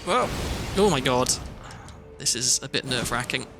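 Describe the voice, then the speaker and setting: This British man's gravelly mid-range voice has lively intonation and a normal speed as he chats through a gameplay stream. He's rambling and self-interrupting, cutting off mid-sentence, with music playing underneath.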